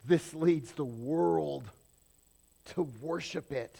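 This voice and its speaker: Speaking slowly in a slightly high voice with vocal fry, a male pastor alternates between loud, excited points and quiet asides in confidence. He frequently asks the congregation questions during the sermon.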